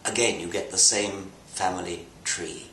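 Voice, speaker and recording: An older man with a British accent explaining science in a measured, precise way, sometimes restarting his phrases. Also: low-pitched, fairly even intonation, pushed and bright. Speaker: interviewee. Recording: echoey room, voice from the mic, faint noise.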